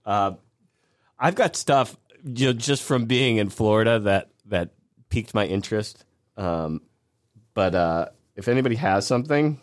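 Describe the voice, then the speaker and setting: Dry-sounding, lower-voiced male podcast host. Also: expressive, a little slow, dry recording. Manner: storytelling, laughs often. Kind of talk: casual chat.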